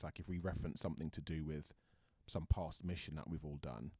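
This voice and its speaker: A man's voice: a bass voice, steady tone, brisk, dark tone, breathy edge, no echo, clean studio sound. A British man, an actor guest, chatting thoughtfully in an interview and often restarting his sentences. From Britain. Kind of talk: casual interview chat.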